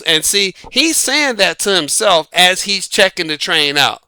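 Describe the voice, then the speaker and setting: A man's voice: high voice, big pitch swings, measured pace, few pauses, pushed and bright, clear, resonant tone, no room sound, clean studio sound. A man giving dating advice in a folksy, emphatic casual monologue. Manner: folksy, emphatic, laughs at own jokes.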